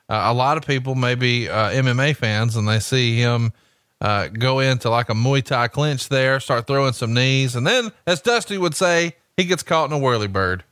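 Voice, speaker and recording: A man doing wrestling color commentary, deadpan and joking, slipping in made-up answers with a straight face. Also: mid-range voice, clear, resonant tone, no echo, studio quality.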